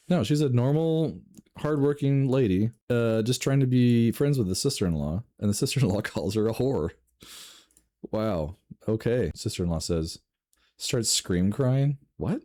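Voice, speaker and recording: A man reading online stories aloud and reacting with laughs, swearing and sudden jumps in pitch. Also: dark tone. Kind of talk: casual reading and commentary.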